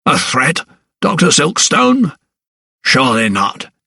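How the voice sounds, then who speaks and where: A man voicing a scornful, ruthless gentleman lawyer in an audiobook, speaking slowly and mockingly. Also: fairly high pitch, huge pitch swings, gravelly, slightly rough, dry recording, studio quality, far from the mic, pitched above the performer's own voice, exaggerated voice. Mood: sneering. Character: sneering, ruthless male lawyer, older gentleman.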